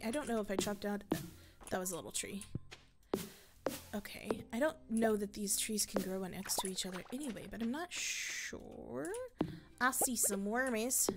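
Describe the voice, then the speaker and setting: A woman's voice: a little high, heavy background noise. A woman giving casual gameplay commentary as a let's play creator, rambling and thinking aloud with frequent laughs. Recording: loud mouse and keyboard clicks.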